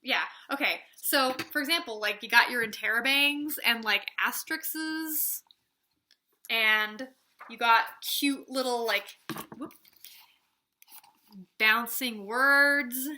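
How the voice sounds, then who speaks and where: A woman's voice: on the high side, takes it slowly, long pauses, pushed and bright, slight background noise. A young woman gushing in a chatty book review vlog, rambling through tangents with lots of "like".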